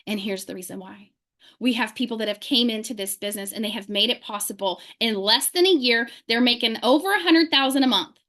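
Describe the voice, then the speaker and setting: A woman leading her sales team on a video call, giving a fervent motivational talk full of rapid rhetorical questions. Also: on the high side, a bit bright.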